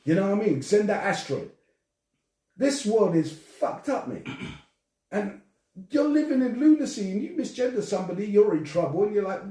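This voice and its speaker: An older man hosting a casual podcast chat, animated and swearing as he rants. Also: high voice, normal speed. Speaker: podcast host. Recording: echoey room, distant from mic.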